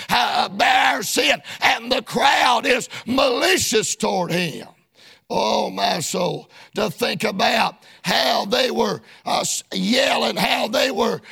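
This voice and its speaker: A man preaching a sermon in a fervent, shouted, chanting cadence with frequent "uh"s. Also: very high-pitched, creaky, slightly rough.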